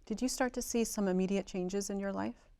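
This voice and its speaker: A woman's voice: medium pitch, steady tone, brisk, mellow, clean tone, no echo. A woman talk show host asking short, direct questions. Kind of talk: interview questions.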